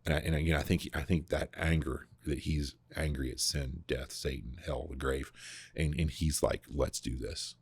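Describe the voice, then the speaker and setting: A man hosting a podcast, explaining scripture in a casual, animated way, often restarting his sentences. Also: extremely low pitch, moderate pace, slightly rough, dry recording. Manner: animated, full of restarts and repeated words. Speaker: podcast host discussing scripture. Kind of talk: casual conversational Bible teaching.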